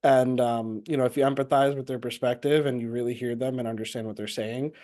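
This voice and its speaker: A man's voice: medium pitch, steady tone, fast talker, warm tone. A man chatting casually as a guest, easygoing, laughing often, with loose restarts. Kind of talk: casual chat.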